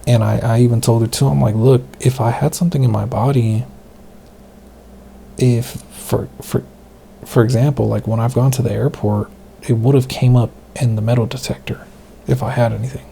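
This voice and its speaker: A man hosting a podcast, telling casual rambling stories in a loose, profane way, keeping his voice soft. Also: medium pitch, fairly even intonation, normal speed, creaky, a little hiss or hum. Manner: speaking softly, half-whispered. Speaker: podcast host. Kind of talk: casual storytelling monologue.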